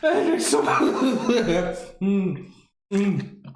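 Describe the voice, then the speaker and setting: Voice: medium pitch, big pitch swings, drawn-out words, reverberant, slight background noise. A host reading out viewer comments in a casual commentary, who keeps breaking into laughter and sounds tired, the voice worn from laughing.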